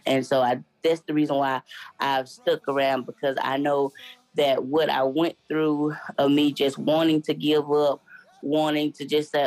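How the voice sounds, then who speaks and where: A woman's voice: low-pitched, fairly even intonation, moderate pace, darkish tone, no room sound, low-quality recording. A woman guest telling her faith testimony in a casual, earnest way, acting out the voices of people in her story.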